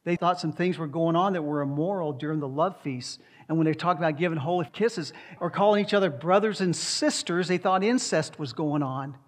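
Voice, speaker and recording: A man's voice: fairly high pitch, brisk, hardly any pauses. A male pastor preaching a sermon and leading a prayer. He speaks emphatically and repeats rhetorical questions to his congregation.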